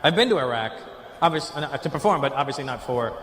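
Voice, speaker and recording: A man doing stand-up, working the crowd loudly with a punchy, teasing delivery. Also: medium pitch, animated, fast. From Canada. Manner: loud, teasing, punchy delivery with comic voices. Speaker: stand-up comedian. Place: large theater stage. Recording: echoey live venue with loud crowd noise.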